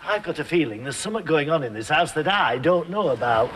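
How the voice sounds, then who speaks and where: A man's voice: a little high, expressive, fast, close to an everyday voice. An actor playing a blunt, bossy father with a northern English accent in a stage farce. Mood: gruff. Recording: very hissy worn VHS stage recording.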